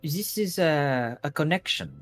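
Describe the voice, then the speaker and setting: A man voicing a grand, theatrical female sorceress who calls everyone child and dearie, with a put-on accent and drawn-out words. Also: a little high, lively intonation, fairly bright tone, soft background music, pitched above the performer's own voice. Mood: musing.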